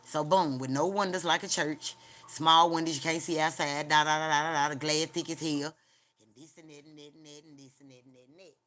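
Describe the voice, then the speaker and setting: A woman with a slightly low voice hosts a casual livestream. She tells a story in a loose, rambling way and swears freely. She pads her sentences with filler sounds and turns to address her viewers. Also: fairly even intonation, a little fast, a bit bright. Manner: rambling, profane, repeats filler like "da, da, da"; chats directly to her viewers. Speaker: livestream host.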